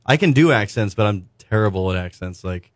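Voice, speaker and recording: A man's voice: fairly low pitch, animated, a little fast, no echo, studio quality. A young man, a musician guest, chatting casually and rambling with laughs in an interview.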